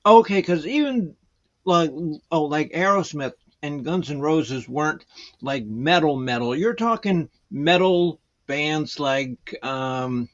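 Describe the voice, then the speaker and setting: Slow-talking, rambling man guest. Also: on the high side, expressive, highs cut off. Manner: rambling, hesitant, full of fillers. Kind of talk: casual chat.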